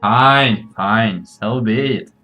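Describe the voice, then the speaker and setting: Man playing sly wandering uncle, unhurried, teasing, faint music under it. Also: lowish voice, bright, forceful tone, pitched below the performer's own voice, heavily acted. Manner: teasing, offhand. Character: roguish elusive uncle, playful and secretive.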